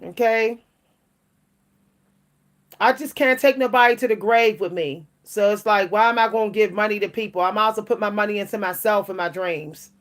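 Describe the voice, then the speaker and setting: A woman's voice: mid-range voice, normal speed. An older woman chatting casually to camera as a vlogger and writer, laughing often and restarting her sentences.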